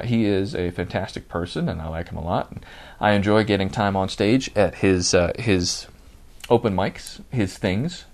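A married man hosting his own comedy podcast, ranting with growing indignation and then settling into relaxed storytelling. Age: adult, married. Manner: indignant ranting, rising loud and high when worked up. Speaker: podcast host and stand-up comic. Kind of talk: solo comedy podcast rant.

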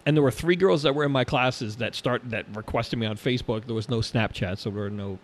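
Co-hosting a relaxed conversation, this middle-aged man is lively and animated. When he quotes people, he's quick to slip into high-pitched impressions.

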